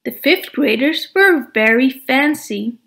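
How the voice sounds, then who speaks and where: Slow, high-voiced woman reading aloud. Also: vocal fry. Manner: slow, expressive storytelling for preschoolers. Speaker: storybook reader. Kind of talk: children's read-aloud narration.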